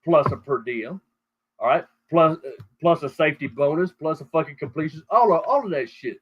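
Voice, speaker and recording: Over call audio, this male show host swears a lot as he rambles through a crude rant. His pitch sits on the high side, his delivery is expressive and fairly quick, and the lo-fi recording carries a little hiss or hum.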